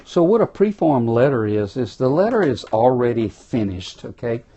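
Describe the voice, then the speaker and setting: Cajun guy from south louisiana hyping his viewers on a phone stream, mellow voice, folksy and loud about it. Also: mid-range voice, sing-song, moderate pace, lo-fi sound. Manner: folksy, exuberant, talks straight to viewers. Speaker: motivational speaker. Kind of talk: live-streamed motivational talk. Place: indoors, small room.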